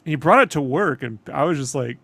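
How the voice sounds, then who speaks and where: A man in casual chat, telling funny stories in an animated way and laughing as he goes. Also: on the high side, fairly quick, vocal fry, dry recording.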